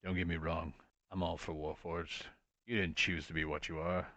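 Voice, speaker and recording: A man's voice: low-pitched, level tone, moderate pace, pushed and bright, no room sound, highs cut off. A man voicing a wistful, loyal shifter family man who talks in a nostalgic, rambling and blunt way.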